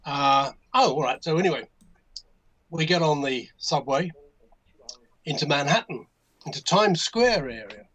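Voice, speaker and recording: A man's voice: fairly high pitch, expressive, measured pace, pauses often, a bit bright, poor audio. An older man with an English accent, telling a rambling anecdote as a guest on a hobby livestream, full of restarts and asides. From England. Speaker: guest modelmaker.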